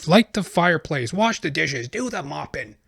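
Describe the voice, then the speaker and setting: A man's voice: a little high, big pitch swings, normal speed, creaky, fairly bright tone, slightly rough, no room sound, studio quality, pitched above the performer's own voice, heavily acted. A man voicing a bossy adult who orders a child through a list of chores. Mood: bossy sing-song.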